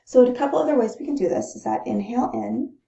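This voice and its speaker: A woman teaching breathing techniques in a calm, instructional way, pausing to demonstrate the breaths. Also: fairly high pitch, gravelly. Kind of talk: gentle instructional talk. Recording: roomy, dull lo-fi sound.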